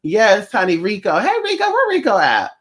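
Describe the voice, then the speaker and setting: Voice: mid-range voice, wildly swooping pitch, normal speed, a bit bright. A livestream host chatting casually with viewers in a sassy, profane way, calling them honey.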